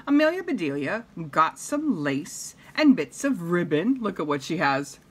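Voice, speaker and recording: A woman reading a picture book aloud to children, pausing to comment and ask them questions. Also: fairly low pitch, sing-song, breathy edge. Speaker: reader.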